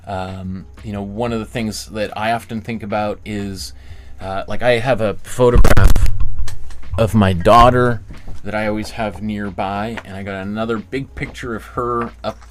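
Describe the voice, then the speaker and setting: A man's voice: steady tone, moderate pace. A male art teacher giving a live online drawing class. He talks in a casual, rambling, encouraging way and often restarts his phrases. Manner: acts out quoted voices with big pitch jumps.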